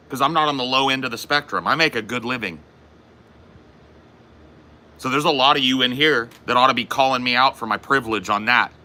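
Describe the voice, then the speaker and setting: A man's voice: mid-range voice, sharp tone. A man on a podcast ranting in a casual, profane, angry monologue, saying he is fed up and mad. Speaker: podcast host.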